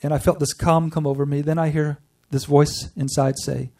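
A man giving an earnest personal testimony to a group, telling his story with pauses and restarts. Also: a little high, level tone, darkish tone, recorded from a distance. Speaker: speaker sharing a personal spiritual story.

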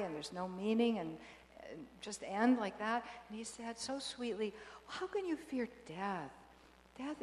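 An older woman telling a personal story to an audience, animated and emotional, with many restarts and bursts of laughter. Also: medium pitch. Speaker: speaker giving a personal testimony. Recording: echoey hall with long reverb.

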